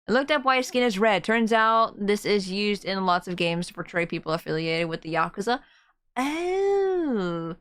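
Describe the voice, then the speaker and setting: A woman's voice: medium pitch, fairly even intonation, a little fast, hardly any pauses, a bit bright, smooth. A woman streamer giving casual, giggly let's-play commentary and reacting aloud to a game.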